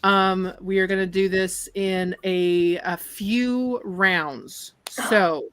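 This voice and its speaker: A woman's voice: mid-range voice, very slow, a bit bright, clear, resonant tone, no echo. A woman running a tabletop game as game master, narrating scenes vividly and laughing with her players over a call. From Ireland.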